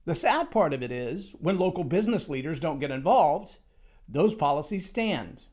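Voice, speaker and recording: A man's voice: a little high, expressive, moderate pace, darkish tone. A man giving a motivational talk on leadership, emphatic and storytelling, acting out the quotes he tells. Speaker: speaker on leadership.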